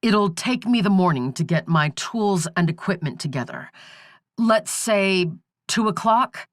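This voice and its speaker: A woman plays a determined archaeologist, crisp and businesslike. Her voice sits slightly higher than the narration, with lively pitch and dry, close sound. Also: a little slow, dry recording, close to an everyday voice.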